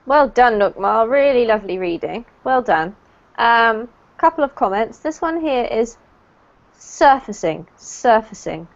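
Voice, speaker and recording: A woman's voice: on the high side, lively intonation. British woman teaching an online English class. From United Kingdom. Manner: encouraging, explains slowly and clearly. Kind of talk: online group lesson. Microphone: video call. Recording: dull lo-fi online call audio.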